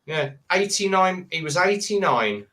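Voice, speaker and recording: A man's voice: high-pitched, animated, measured pace, sharp tone, a little hiss or hum. A man in his fifties hosting a casual late-night live chat with friends, rambling and jokey, slipping into silly voices when telling a story. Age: 50s. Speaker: live stream host.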